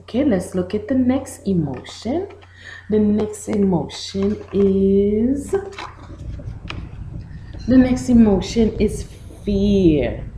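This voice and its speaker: Haitian lady teacher reading to little kids, slow and patient, mellow voice, echoey room. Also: medium pitch, expressive, a little hiss or hum. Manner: slow, patient, explains words twice in two languages. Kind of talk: bilingual picture-book lesson for young children.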